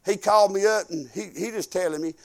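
Older preacher, high folksy voice. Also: male voice, fast talker, creaky. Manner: folksy, conversational preaching that swells into emphatic bursts. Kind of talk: sermon.

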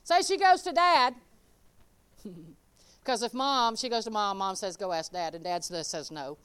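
A woman delivers a casual sermon, her voice pitched high. She talks in a folksy, animated way and calls out people in the congregation by name. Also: measured pace, smooth. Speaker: preacher. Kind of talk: informal sermon.

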